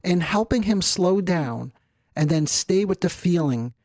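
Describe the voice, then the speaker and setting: A middle-aged male therapist giving an educational talk in a measured, explanatory way with rhetorical asides. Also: high-pitched, expressive, darkish tone, dry recording. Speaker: therapist host.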